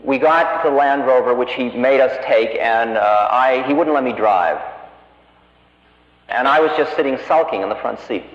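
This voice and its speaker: A man's voice: medium pitch, normal speed. Guy telling a self-mocking story at a lecture, echoey hall, long reverb, dull old tape. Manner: wry, conversational, self-mocking.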